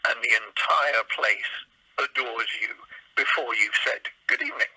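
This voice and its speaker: Bright, husky-voiced male impressionist. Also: mid-range voice, measured pace, no room sound, poor audio. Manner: animated, anecdotal, slips into voices when quoting people. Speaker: guest impressionist. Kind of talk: casual interview chat.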